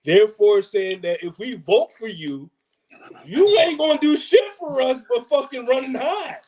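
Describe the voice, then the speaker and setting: A man co-hosting a casual podcast, throwing in quick mocking comments. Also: extremely high pitch, expressive, darkish tone. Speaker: podcast co-host. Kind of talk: casual comedic chat.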